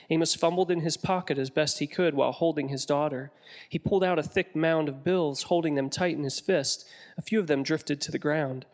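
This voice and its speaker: Guy reading an audiobook story, kinda high voice, calm and descriptive. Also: fairly quick, in a large hall. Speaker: narrator. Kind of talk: audiobook narration.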